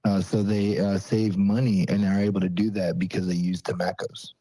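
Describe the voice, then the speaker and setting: Man, podcast co-host, playful, tall-tale joker, very dark voice, husky. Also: deep voice, flat delivery, moderate pace, dry recording, low-quality recording. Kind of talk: casual chat.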